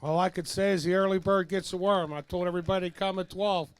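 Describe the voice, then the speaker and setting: A man's voice: high-pitched, fairly even intonation, fast talker, clean tone. A man emceeing an outdoor party rally, joking casually and introducing speakers. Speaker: event emcee.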